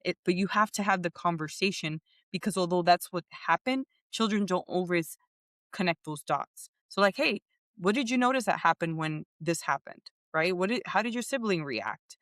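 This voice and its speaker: A woman's voice: lowish voice, animated, normal speed, fairly bright tone, no echo, clean studio sound. A woman co-hosting a parenting podcast, talking casually and animatedly, often laughing as she tells stories. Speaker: podcast co-host. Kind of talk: casual chat.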